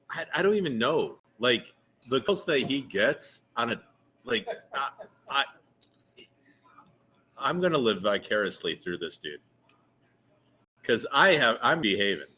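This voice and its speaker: A man with a bright, sharp-edged voice hosts a casual live interview at a meadery bar. He banters and rambles. His pitch is mid-range for a man. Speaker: host.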